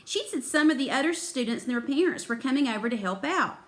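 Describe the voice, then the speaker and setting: A woman's voice: sits high, expressive, quick pace, fairly bright tone. A woman reading a children's chapter book aloud, expressively voicing the characters. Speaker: reader.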